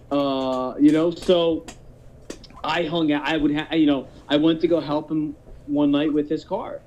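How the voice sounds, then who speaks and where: A man's voice: a little high, level tone, measured pace, a little mellow. Profane rambling man telling a story. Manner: rambling, profane, many restarts. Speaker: podcast host telling a story. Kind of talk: casual storytelling chat. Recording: dull lo-fi podcast audio.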